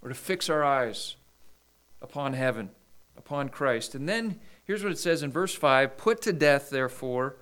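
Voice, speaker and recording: A man preaching a sermon, reading scripture aloud and explaining it in a measured way. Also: medium pitch, lively intonation, fairly bright tone, smooth. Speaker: pastor.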